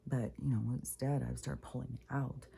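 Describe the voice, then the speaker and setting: Woman rambling on her spiritual vlog, super deep gravelly voice, lots of ums and whispery bits. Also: little pitch movement, moderate pace, mellow. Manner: rambling, many fillers, drops into whispery asides. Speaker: vlogger. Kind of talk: casual spiritual vlog monologue.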